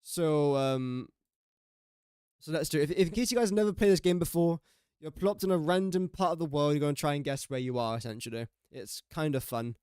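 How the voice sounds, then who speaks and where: A man's voice: on the high side, fairly quick, a little mellow, clear, resonant tone, no room sound, studio quality. A young man streaming a game, chatting casually and joking about his own guesses as he thinks aloud. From England. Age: young adult. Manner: chatty, jokey and self-mocking, thinking aloud. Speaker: gaming streamer. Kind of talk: casual live-stream commentary.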